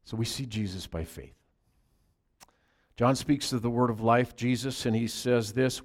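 A man preaching a conversational sermon, moving between loud, emphatic scripture reading and quiet asides to his congregation. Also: medium pitch, unhurried. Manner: chats with the congregation. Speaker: pastor.

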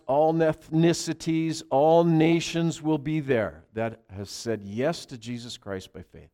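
A male pastor preaching a sermon, pressing key phrases hard and then dropping into quiet asides. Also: on the high side, slow, hardly any pauses.

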